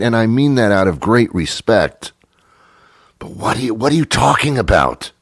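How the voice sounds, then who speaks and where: A man's voice: fairly low pitch, very animated, moderate pace, vocal fry, husky, no room sound, clean studio sound. A man hosting a talk show, ranting sarcastically in a comic monologue. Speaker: radio talk show host.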